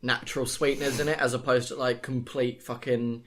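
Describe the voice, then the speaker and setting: A man's voice: mid-range voice, level tone, fairly quick, a little hiss or hum. A young man co-hosting a podcast, telling a story in casual, sweary banter full of fillers. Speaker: podcast co-host.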